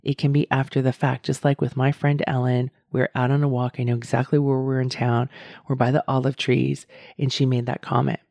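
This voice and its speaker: A woman's voice: a bass voice, flat delivery, a little fast, creaky, a little mellow, no echo, studio quality. A middle-aged woman hosting a solo podcast as a coach, talking earnestly and encouragingly straight to her listeners.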